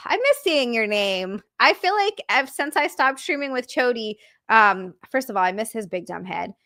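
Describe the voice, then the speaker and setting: A woman hosting a casual live stream, reading out chat and gushing with excited thanks. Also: fairly high pitch, moderate pace, dry recording, clean studio sound. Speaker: streamer host.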